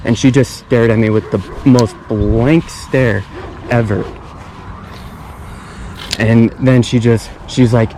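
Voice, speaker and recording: A man's voice: medium pitch, fairly even intonation, slow pace, pauses often, mellow, slight background noise, low-quality recording. Laid-back young man fishing outdoors. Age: young adult. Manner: laid-back, repeats phrases, chatty. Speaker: fishing vlogger. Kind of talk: casual vlog commentary. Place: outdoors at a pond. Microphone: action camera.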